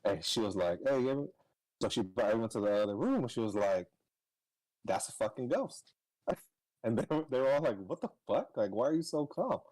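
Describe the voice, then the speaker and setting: A young man on a podcast, casually telling a story, swearing and laughing, his voice jumping high when he gets excited. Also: fairly quick, dry recording, poor audio. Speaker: podcast co-host.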